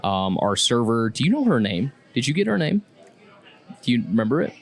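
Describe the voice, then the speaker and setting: A man from Mississippi with a slight Southern drawl, co-hosting a casual podcast from a restaurant and speaking with clear, deliberate inflection. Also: mid-range voice. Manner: animated, opinionated, clearly inflected. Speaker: podcast co-host and broadcast journalist.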